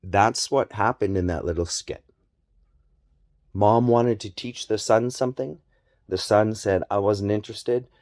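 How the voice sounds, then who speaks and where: A man's voice: fairly low pitch, darkish tone, dry recording, studio quality. A man talking straight to his audience in a personal vlog, emphatic and repetitive, swearing openly. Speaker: vlogger. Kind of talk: personal monologue on family abuse.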